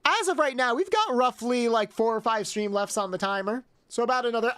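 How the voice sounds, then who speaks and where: A man streaming a video game live, chatting with viewers, excitable and prone to swearing and yelping outbursts. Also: very high voice, fairly quick, hardly any pauses, clean tone.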